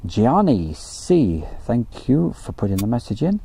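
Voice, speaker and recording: Lively mellow-voiced man chatting. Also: medium pitch, unhurried, gravelly, slightly rough. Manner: chatty, joking, reads out viewer messages. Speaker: live stream host. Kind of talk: casual live-stream chat.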